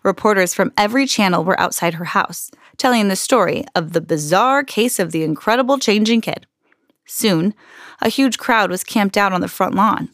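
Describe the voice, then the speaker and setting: A woman hosting a podcast, reading a children's picture book aloud in an expressive storytelling manner. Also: mid-range voice, normal speed, dry recording, studio quality.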